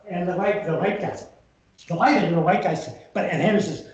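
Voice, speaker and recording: A lively man tells a story from the front of a room and slips into the voices of the people in it. His voice sits a little high for a man. The sound bounces around a roomy hall. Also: fairly quick, lo-fi sound. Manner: lively storyteller who acts out the quoted speakers. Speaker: historian giving a public talk. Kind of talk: storytelling lecture to a live audience. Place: museum room with an audience.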